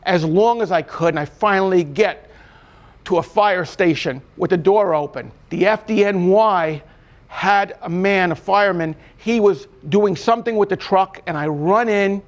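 A man's voice: high voice, unhurried. A middle-aged man, a former corrections officer, earnestly telling his life story in an interview and acting out the voices of the people in it.

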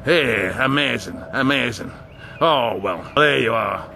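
A man's voice: medium pitch, expressive, slow, creaky, bright, forceful tone, slight background noise, pitched below the performer's own voice, full character voice. A man putting on a put-on to play a hearty, cheerful northern English man with broad, drawling exclamations. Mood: jovial.

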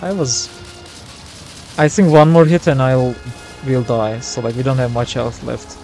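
A young man streaming a war game live, reacting loudly, swearing and yelling at his teammates. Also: mid-range voice, steady tone, measured pace, faint music behind. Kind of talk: live gameplay commentary.

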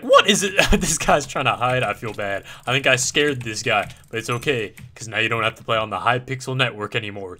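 A man's voice: medium pitch, sharp tone. A young man casually telling a story over gameplay in laid-back, filler-heavy banter. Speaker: gaming YouTuber.

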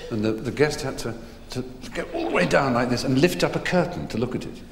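A man's voice: medium pitch, expressive, brisk, creaky. A middle-aged English man telling rambling anecdotes to a live audience, with many fillers and restarts. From England. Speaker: guest performer. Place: theatre stage. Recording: echoey hall, faint noise.

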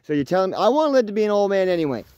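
A man in his thirties vlogging while hiking through the woods, excitable and swearing freely, talking to his dog as he goes. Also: high voice, racing, clean tone, dry recording, lo-fi sound. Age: 30s. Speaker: outdoors vlogger. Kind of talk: casual walking vlog. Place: outdoors in woods.

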